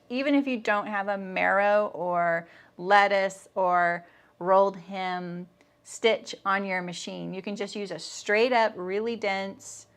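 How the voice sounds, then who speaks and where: A middle-aged woman teaching a live sewing demonstration, chatting and answering viewer comments as she works. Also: medium pitch. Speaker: sewing instructor.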